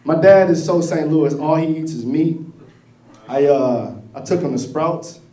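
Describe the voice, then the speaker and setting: A man doing a stand-up comedy set, telling stories in a profane, animated way. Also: a little high, measured pace. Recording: echoey room, distant mic.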